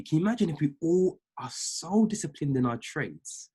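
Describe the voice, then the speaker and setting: A man's voice: on the high side, animated, normal speed, hardly any pauses, dark tone, slightly rough. A man, a trading mentor giving a fired-up motivational talk on a group call, repeating phrases like a preacher.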